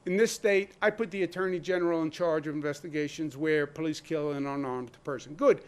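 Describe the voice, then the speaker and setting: A man speaking as a governor at a press briefing, emphatic and deliberate, firing off rhetorical questions and pausing to drive his points home. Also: on the high side, clean tone.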